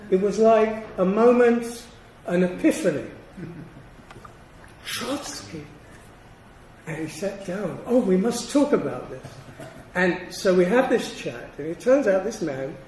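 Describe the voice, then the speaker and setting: An older male professor lectures in a fairly high voice, stressing his points with measured, deliberate pauses. He sounds set back from the microphone in a roomy hall, with a faint hiss underneath. The delivery is that of an academic lecture. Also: darkish tone, distant mic.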